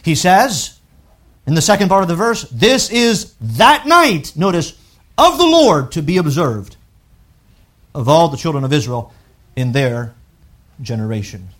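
A man's voice: fairly high pitch, very animated, moderate pace, long pauses. Emphatic preaching man. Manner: emphatic, rising to loud peaks when quoting scripture and critics. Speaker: pastor. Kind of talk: sermon.

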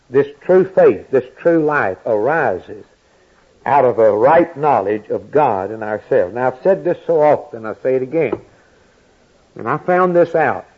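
A man preaching a sermon, building from quiet reasoning to high, impassioned cries. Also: husky, highs cut off.

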